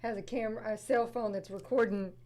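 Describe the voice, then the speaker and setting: A woman's voice: on the high side, steady tone, a little fast, a little mellow. A woman co-hosting a casual film review chat with her husband, dropping dry jokes into the talk. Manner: dry joking interjections. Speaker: co-host, host's wife.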